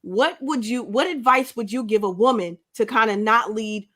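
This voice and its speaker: Podcast co-host, woman, teasing, calls out to the audience, somewhat high voice. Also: normal speed, a bit bright. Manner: teasing, addresses listeners directly. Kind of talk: casual podcast chat.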